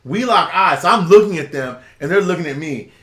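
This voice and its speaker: A man with a Southern US accent telling a story in casual chat, animated, acting out quotes and laughing often. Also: a little high, brisk, reverberant. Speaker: channel host.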